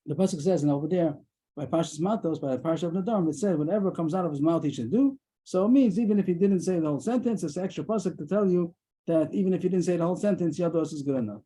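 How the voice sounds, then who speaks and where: A man teaching a daily Talmud class over a video call, explaining quickly and mixing in Aramaic terms. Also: fairly high pitch, mellow, breathy edge, rough recording.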